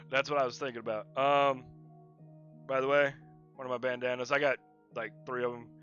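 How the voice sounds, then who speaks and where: A man's voice: medium pitch, fairly even intonation, normal speed, pushed and bright, dull audio, soft background music. A man chatting casually and rambling while drawing on a livestream, laughing often. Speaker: livestreaming digital artist.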